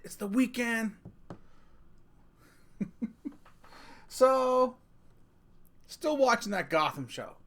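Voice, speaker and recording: A man's voice: sits high, animated, takes it slowly, pauses often, fairly bright tone. A middle-aged man hosting his own podcast, ranting casually, joking and swearing as he talks straight to his listeners. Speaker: podcast host. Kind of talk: casual rant.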